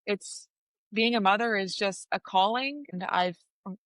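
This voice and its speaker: Woman in her 30s, softball coach on a podcast, thoughtful and earnest, dry room. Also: medium pitch, unhurried, no echo. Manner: earnest and reflective, with restarts. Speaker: softball coach and player, guest. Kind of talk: casual interview chat.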